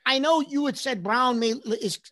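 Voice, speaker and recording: A man's voice: very high-pitched, normal speed, bright, forceful tone, no echo. A man co-hosting a sports talk show, thinking aloud and asking questions with some hesitation. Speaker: sports radio co-host.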